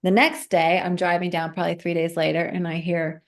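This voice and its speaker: A woman's voice: fairly low pitch, a little fast. A woman guest telling a personal story in a casual chat, acting out the voices of the people in it. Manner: animated, acts out quoted voices.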